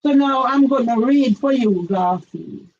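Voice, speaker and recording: A woman's voice: a little high, measured pace, a little mellow, lo-fi sound. A woman, giving an emphatic direct-address complaint, firing pointed questions at one man by name. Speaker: campaigner vlogger.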